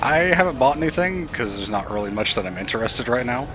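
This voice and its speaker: A man's voice: medium pitch, sing-song, a little fast, sharp tone, faint music behind. A laid-back young man co-hosting a casual game stream, swearing now and then. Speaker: co-host. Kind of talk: casual gameplay commentary.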